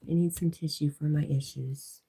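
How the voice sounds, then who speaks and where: Husky low-voiced woman with a stuffy nose. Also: fairly even intonation, normal speed. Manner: chatty, often drops to a soft whisper. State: congested from allergies. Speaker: livestream host. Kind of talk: casual livestream chat, reading viewer comments aloud.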